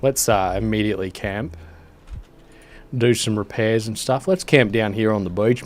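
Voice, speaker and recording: A man's voice: lowish voice, moderate pace. A man streaming a game, chatting casually in a laid-back, hesitant, mumbling way. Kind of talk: casual gameplay commentary.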